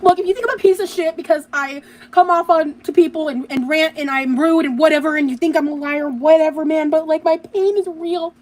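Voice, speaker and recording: A woman's voice: high-pitched, steady tone, brisk, few pauses. A woman on a livestream talking defensively and wearily about feeling disbelieved. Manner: aggrieved, defensive, tired. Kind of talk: livestream monologue.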